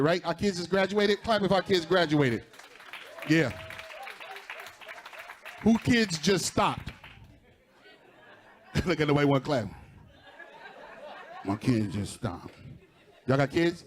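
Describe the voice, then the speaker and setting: A man doing stand-up crowd work before a live audience, teasing people and laughing at his own jokes. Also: fairly high pitch. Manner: teasing, laughing, talking straight to audience members. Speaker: stand-up comedian.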